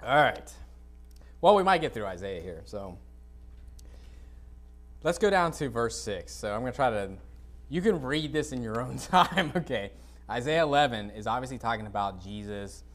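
A man preaching an informal sermon to a congregation, reading scripture and adding blunt, dismissive asides while often clearing his dry throat. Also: medium pitch, lively intonation, moderate pace, pauses often. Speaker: pastor. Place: church sanctuary, speaking to a congregation.

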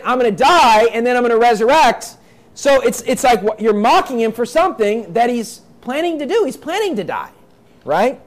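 A man preaching a sermon, reading scripture aloud and explaining it in plain, emphatic talk, repeating his points. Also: extremely high pitch. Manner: emphatic, repeats points, acts out quoted voices.

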